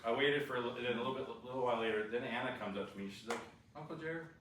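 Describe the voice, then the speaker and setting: A man sharing a personal testimony, animated and restless, full of fillers and restarts. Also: mid-range voice, rapid-fire. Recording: echoey room, far from the mic, faint noise.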